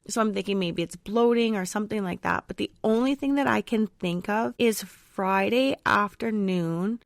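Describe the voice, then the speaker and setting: A woman's voice: medium pitch, creaky, no echo, studio quality. A woman podcast host and mother chatting casually through a personal story, rambling with lots of fillers. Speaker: mother of a young child.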